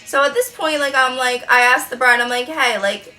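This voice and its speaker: A woman in her twenties, a freelance makeup artist, telling a client story in a chatty, profane, animated way while doing her makeup. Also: high-pitched, moderate pace, faint music behind.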